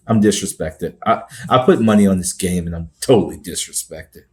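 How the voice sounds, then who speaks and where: A man's voice: deep voice, a little slow. A man talking as a guest on a sports podcast, in playful, exclamatory banter. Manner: animated and exclamatory, playful swoops.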